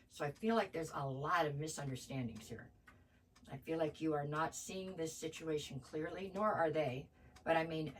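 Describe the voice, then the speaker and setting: A woman's voice: sits low, recorded from a distance, a little hiss or hum, low-quality recording. A woman giving a casual tarot reading at home, thinking aloud, hedging and repeating words as she goes. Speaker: tarot reader.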